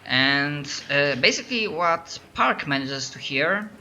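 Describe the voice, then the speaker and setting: Slow, hesitant male game master. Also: fairly high pitch, expressive, sharp tone, a little hiss or hum. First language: non-native English speaker. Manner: slow, hesitant, many fillers. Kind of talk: running a tabletop game over voice chat.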